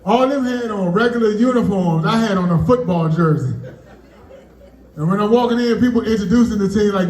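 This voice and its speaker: A comedian with a high voice works the room in a loose, chatty stand-up style. His voice bounces around an echoey room and sounds like it was picked up from well back. He keeps tagging his punchlines with a casual "man.". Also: brisk, darkish tone. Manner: loose, conversational punchlines, frequent "man" tags. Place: birthday party venue. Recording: echoey room, mic from far off.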